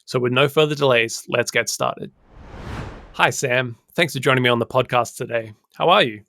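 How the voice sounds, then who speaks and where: A man hosting a podcast interview, friendly and quick to laugh. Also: mid-range voice, gravelly, sharp tone, slight background noise. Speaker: podcast host.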